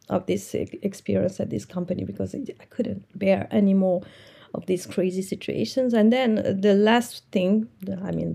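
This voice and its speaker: A woman's voice: mid-range voice, creaky, warm tone. A woman, an entrepreneur, earnestly recounting a personal story from her working life.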